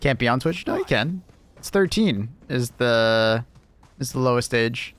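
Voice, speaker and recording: Streaming a game from Britain, this man jokes around with his chat in a relaxed way, often laughing and cursing at what's on screen. He speaks a little slowly in an expressive, mid-range voice with a fairly bright tone.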